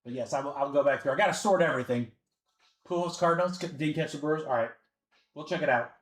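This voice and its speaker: Talking fast in a slightly high voice, a sports card break host chats casually on his livestream, calling out names and teams. Faint background music plays, and the room sounds echoey.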